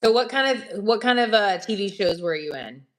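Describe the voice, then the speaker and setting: A woman's voice: medium pitch, lively intonation, normal speed. A woman hosting a podcast, asking friendly questions with restarts. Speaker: podcast host. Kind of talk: casual interview chat.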